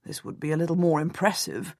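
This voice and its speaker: A woman reading the quiet, murmured asides of a wry English nobleman husband in an audiobook. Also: low voice, a little fast, no echo, clean studio sound. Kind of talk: audiobook narration.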